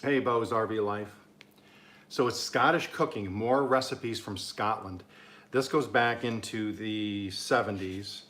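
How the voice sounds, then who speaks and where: Low-voiced man from Oklahoma, casual home-cooking vlogger, rambling and self-amused. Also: slow pace, a bit bright. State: talking with mouth full at times.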